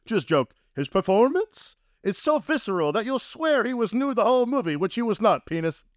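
A man with a high voice co-hosts a sketch-style comedy podcast. He delivers absurd jokes with a deadpan touch. The sound is close and dry, with no room around it. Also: moderate pace, no room sound.

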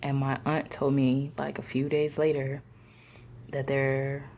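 A young woman telling a personal story in a slangy, conversational way, sometimes dropping into soft whispers. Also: rumbling low, completely flat delivery, slow, slight background noise. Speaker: discussion participant.

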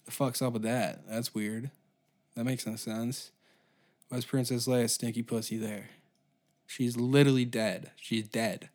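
A man's voice: mid-range voice, level tone, measured pace, a little mellow. A man hosting his own podcast, ranting sarcastically with heavy swearing, frequent stutters and restarts. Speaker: podcast host. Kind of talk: casual solo podcast rant.

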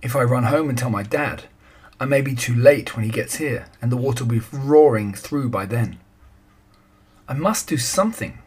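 A man's voice: mid-range voice, expressive, normal speed, darkish tone, husky. A man voicing a frightened but determined boy of nearly ten in a read-aloud storybook, crying out for help. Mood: anxious, determined.

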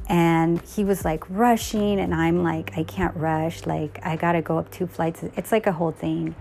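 Middle-aged woman, low voice, gravelly fry, candid rambling storytelling, soft music behind. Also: steady tone, moderate pace, few pauses. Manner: candid, rambling, with frequent restarts and fillers. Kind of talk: personal storytelling.

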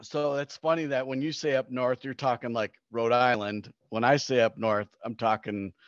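A man from the Chicago area chatting as podcast host, telling lively stories and acting out voices. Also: mid-range voice, moderate pace, dry recording, highs cut off. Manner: lively storyteller, acts out voices. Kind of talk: casual chat.

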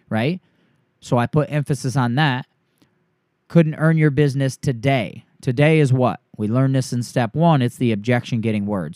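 A man coaching trainees through a sales script, switching into the pitch he gives a homeowner. His voice sits in a middle pitch and sounds dry and close, with no room around it. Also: darkish tone, no room sound.

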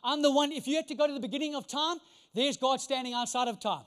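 Pastor, man with a high voice, emphatic sermon delivery, long hall reverb. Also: fast talker, fairly bright tone, clean tone. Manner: emphatic preaching with rhetorical questions.

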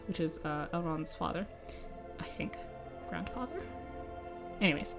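A woman's voice: lowish voice, animated, unhurried, vocal fry, pauses often, soft background music. A woman hosting a podcast, reading a book aloud and breaking off for chatty, enthusiastic asides full of fillers. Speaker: podcast host and reader. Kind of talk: book reading with casual commentary.

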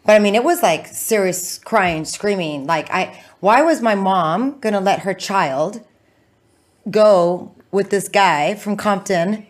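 A middle-aged woman from Southern California, a podcast guest telling a story in a lively way and acting out the voices in it. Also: medium pitch. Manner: lively, acts out voices in her stories, quick asides. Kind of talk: animated storytelling.

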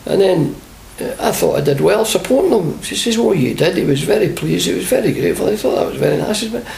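This older Scot, a former football manager, talks quickly in a high, creaky voice while telling lively interview anecdotes. He performs the voices of the people he quotes, and the sound carries room echo plus a faint hiss.

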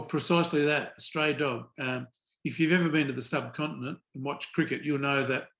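A man's voice: mid-range voice, a bit bright. An older man, a former umpire telling wry anecdotes as a guest in a casual interview.

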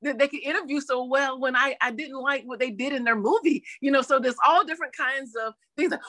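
A middle-aged woman, a YouTube comedian, answering interview questions in an animated way, laughing often and acting out quotes in different voices. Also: high voice, fairly quick, hardly any pauses, dry recording.

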